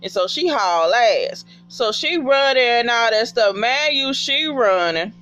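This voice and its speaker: A woman giving a casual TV episode recap in an animated, profane way and talking back to the characters. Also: fairly high pitch, a little slow.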